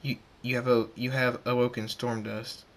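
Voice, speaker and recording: A wise old stallion leading a secret order in a pony storybook, read by a man in his own bright voice. He speaks in solemn, measured pronouncements. He gives grave warnings. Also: medium pitch, little pitch movement, natural voice.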